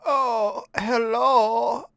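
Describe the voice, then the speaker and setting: A snow hag pretending to be a helpless old woman, put on by a man, calling out in a shaky high falsetto. The pleading is slow and drawn out. It is recorded dry and close. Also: steady tone, vocal fry, bright, forceful tone, smooth, dry recording, exaggerated voice. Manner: quavering high falsetto plea. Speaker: podcast co-host.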